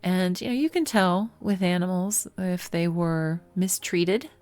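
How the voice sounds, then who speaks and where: A woman telling stories about her cat in a casual vlog, animated and often laughing, with quoted lines in a much higher voice. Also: unhurried, faint music behind. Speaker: pyrography artist and video host.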